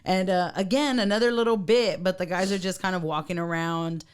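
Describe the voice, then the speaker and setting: A woman's voice: lowish voice, brisk, smooth. A woman co-hosting a podcast, recapping a TV episode in casual chat, laughing often and acting out quotes. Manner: laughing, animated storytelling with quoted impressions. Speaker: podcast co-host.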